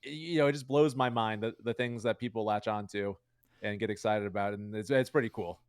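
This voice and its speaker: A man's voice: fairly low pitch, steady tone, smooth, no echo, studio quality. A young man chatting casually as an interview guest, rambling with lots of fillers. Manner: fast, rambling, heavy use of fillers. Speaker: guest streamer.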